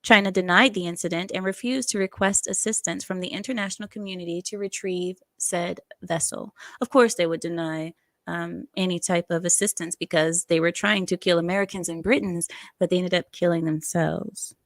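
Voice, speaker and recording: A woman's voice: on the low side, steady tone, normal speed, dry recording. A woman hosting a casual news commentary chat, sarcastic and digressive, often laughing at her own asides. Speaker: online commentary host.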